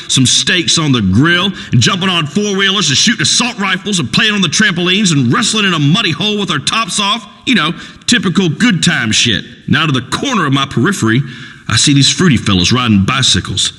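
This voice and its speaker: A man's voice: fairly high pitch, bright, forceful tone, slightly rough, in a large hall, heavily acted, poor audio. An actor playing a crude, macho rural male talk-radio host in a comedy game radio show, drawling and preachy.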